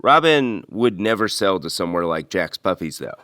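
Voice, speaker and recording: Low-voiced man narrating an investigation. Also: very animated, sharp tone, slight background noise. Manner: measured, earnest storytelling. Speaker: podcast host and reporter.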